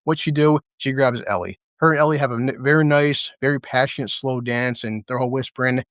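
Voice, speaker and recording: Brief: male reviewer, mid-pitched, crude and sarcastic, dry close sound, casual rant. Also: fairly bright tone, no room sound. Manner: impersonates characters in quick asides. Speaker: TV show reviewer.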